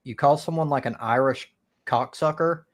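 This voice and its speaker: A man's voice: mid-range voice, moderate pace. A man from the United States hosting a live stream, chatting crudely and rambling with restarts. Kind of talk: casual crude chat.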